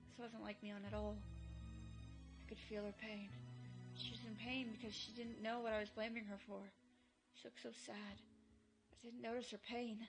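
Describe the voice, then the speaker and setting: A woman's voice: a little high, level tone, moderate pace, pauses often, faint music behind, natural voice, rough recording. A woman voicing a young teenage boy in a visual novel fan dub, turning from accusing to remorseful. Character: boy, young teen, bitter and anguished.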